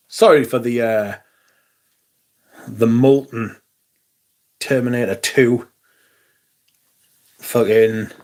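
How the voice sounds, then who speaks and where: A man hosting a livestream, reading viewer comments aloud in a sardonic, sweary casual chat. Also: medium pitch.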